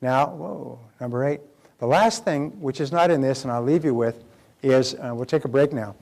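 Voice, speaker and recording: An older man delivers a live motivational seminar lecture, speaking emphatically and posing rhetorical questions to the audience. His mid-range voice is creaky and a little mellow, moving at a moderate pace.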